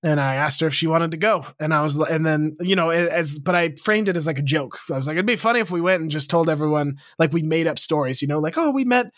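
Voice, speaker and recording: A young man co-hosting a podcast, teasing his friend and telling stories with wry, animated rants. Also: on the high side, fast, few pauses, no room sound, studio quality. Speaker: podcast co-host. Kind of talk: casual chat.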